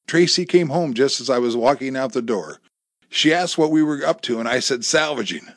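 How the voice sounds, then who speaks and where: A man doing a jovial, mischievous buddy in his thirties who boasts about his work. His mid-pitched voice is lively. The sound is close and dry. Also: normal speed, no echo.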